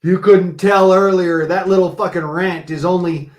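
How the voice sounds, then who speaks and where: Angry stream host, man, high voice, swearing through a political rant. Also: steady tone, normal speed, a little mellow. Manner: profane, heated ranting. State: angry, worked up. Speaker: livestream host.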